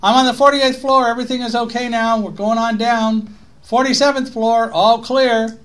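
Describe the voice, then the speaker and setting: A man voicing his friend, who calls out loudly floor by floor in a stairwell. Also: very high-pitched, fairly even intonation, normal speed, pitched above the performer's own voice. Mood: calling out. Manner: calling out loudly. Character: anxious male friend shouting down a stairwell.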